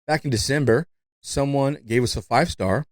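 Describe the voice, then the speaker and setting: A podcast host who learned English as a second language chats casually in a mid-range voice at a normal pace. The studio-quality recording has no echo, and he rambles, laughs often, and leans heavily on fillers and "you know."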